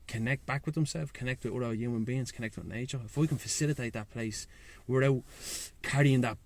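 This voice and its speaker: A Dublin man, a breathwork and sea-swim facilitator, chats casually as a guest outdoors by the sea. Frank and fired up, he's full of slang and swearing, speaking a little fast with a darkish tone and an ordinary mid-range pitch.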